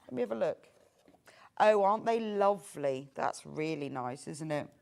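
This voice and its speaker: A woman's voice: low voice, animated, moderate pace, gravelly, a little mellow. A woman from Bath presenting products on a live shopping channel, chatty and gushing, laughing often as she talks. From Bath, England. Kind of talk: live TV sales chat. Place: TV studio.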